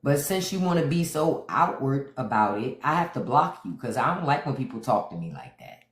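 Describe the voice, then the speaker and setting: A man's voice: medium pitch, big pitch swings, fairly quick, fairly bright tone. Chatty man hosting a phone livestream. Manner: chatty, opinionated, keeps greeting viewers by name. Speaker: livestream host. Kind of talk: casual political commentary. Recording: roomy echo.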